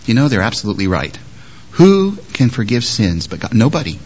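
A man preaching a sermon with a very lively, animated pitch. He swings from loud, pressing emphasis to hushed, gentle asides. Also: a little fast, highs cut off. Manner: lively, shifts between loud emphasis and soft quoted words. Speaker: pastor.

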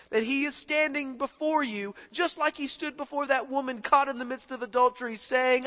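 A man preaching a sermon, moving between hushed prayer and impassioned, rising appeals to the congregation. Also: extremely high pitch. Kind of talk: sermon with altar-call prayer.

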